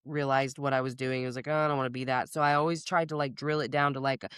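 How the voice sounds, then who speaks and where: A woman's voice: extremely low pitch, fairly even intonation, fast talker, fairly bright tone, clean tone, no echo, clean studio sound. A woman therapist hosting a podcast, speaking in candid casual chat, blunt and profane and laughing often.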